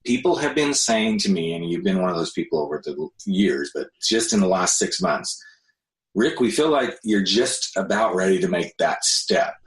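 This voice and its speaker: A man's voice: low-pitched, expressive, normal speed. A man hosting a podcast, chatting casually and teasing his guest in a brash, joking way. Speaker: podcast host. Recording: roomy echo.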